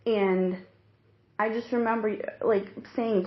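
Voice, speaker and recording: A young mother tells her own story in an earnest, halting way, restarting her sentences often. Her voice sits in an ordinary middle pitch. It is caught on a hidden recorder, so the sound is dull, lo-fi and echoey. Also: steady tone. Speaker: interviewee, new mother. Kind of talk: emotional personal account. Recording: roomy, dull lo-fi secret recording.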